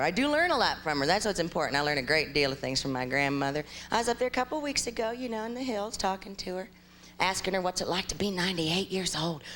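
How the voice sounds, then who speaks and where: A young adult woman from Ohio performing a stand-up comedy set with animated, exaggerated storytelling on a live stage. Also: low voice, a little hiss or hum.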